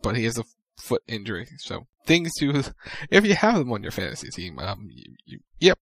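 A man's voice: mid-range voice, big pitch swings, normal speed, dry recording. A man co-hosting a casual podcast, chatting loosely and laughing between remarks. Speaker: podcast co-host. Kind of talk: casual chat.

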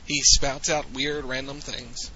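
A man's voice: mid-range voice, level tone, takes it slowly, bright, forceful tone, lo-fi sound, slight background noise. A man hosting a casual podcast chat, talking loosely, often laughing and restarting his sentences. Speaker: podcast host.

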